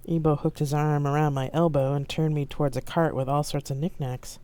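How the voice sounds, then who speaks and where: A woman reads her own novel aloud in a low, mellow voice. Her delivery is lively in pitch and keeps a steady storytelling pace. The recording is dry and close. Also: brisk, hardly any pauses, no room sound. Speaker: author reading her novel. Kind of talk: reading aloud on a live stream.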